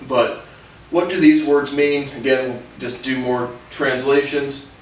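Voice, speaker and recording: A man's voice: medium pitch, fairly even intonation, a little slow, a little hiss or hum. A man giving a casual video lesson on Spanish verbs, rambling and hesitant with many fillers. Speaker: language learner teaching Spanish verbs. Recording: very echoey room, mic at a distance.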